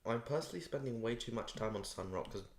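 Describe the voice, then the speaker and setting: A man's voice: mid-range voice, expressive, fast talker. Rambling male streamer in an echoey room. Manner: rambling, self-mocking, repeats words playfully. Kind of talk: casual live stream chatter while drawing. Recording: echoey room, faint noise.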